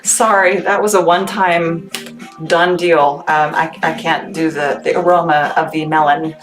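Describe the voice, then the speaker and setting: A woman's voice: low voice, fairly even intonation, a little slow, over music. A chatty, bubbly woman who laughs often, running a casual live sales stream for her small family business while packing orders. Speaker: small business owner selling on a livestream. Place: home workspace packing orders. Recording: background noise with clicks.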